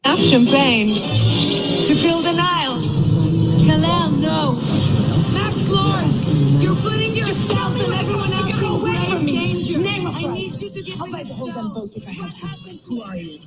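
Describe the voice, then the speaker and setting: A man doing a grandiose heroine's high voice. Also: moderate pace, loud music behind the voice, over a noisy crowd, poor audio. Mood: imperious. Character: haughty glamorous woman heroine with accent.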